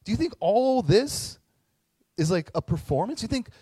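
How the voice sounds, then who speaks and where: Preacher doing a gentle loving dad, quiet and warm-hearted, dry close sound. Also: male voice, on the high side, very animated, unhurried, no room sound, pitched above the performer's own voice. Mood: tender. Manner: soft, tender. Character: loving forgiving father, gentle and tender.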